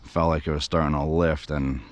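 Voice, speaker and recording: A man vlogging outdoors by a river, excited and breathless, saying he is shaking with excitement and often calling out to his viewers. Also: a bass voice, normal speed. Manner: excited, breathless exclamations and repeated "you guys". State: shaky with excitement. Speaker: vlogger running a radio-controlled boat. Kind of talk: excited outdoor vlog commentary.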